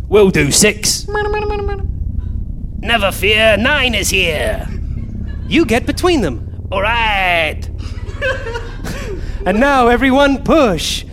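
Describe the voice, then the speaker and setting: An actor in a live stage comedy playing quarrelling versions of one male time traveler, trading quick comic banter and yelping through scuffles. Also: high voice, fairly bright tone, slight background noise, full character voice.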